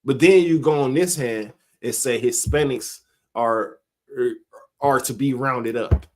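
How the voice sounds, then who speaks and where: A man, giving a casual sermon-style monologue, slow and conversational, laughing between his points. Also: mid-range voice. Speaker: street preacher.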